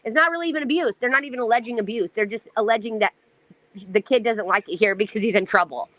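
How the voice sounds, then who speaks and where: A woman rants with heated, profane anger, telling her story in a rush. Her voice is bright and somewhat high, and it sounds dry and close. The talk is swearing-laced and urgent. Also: no room sound. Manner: heated, profane, fast-ranting. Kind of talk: angry personal account.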